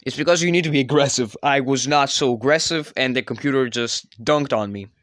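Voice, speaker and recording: Male commentator with a bright, crisp voice. Rambling and self-correcting. Dry, close mic. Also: mid-range voice, a little fast, dry recording. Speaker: chess channel creator. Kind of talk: casual game commentary.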